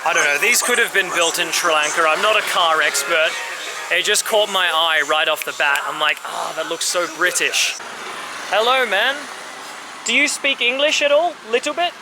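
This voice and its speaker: A man filming a casual travel vlog outdoors at a street-side car yard, chatty and upbeat, speaking slowly and simply when he talks to locals. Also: high-pitched, over music. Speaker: travel vlogger. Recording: outdoor street noise and passing traffic.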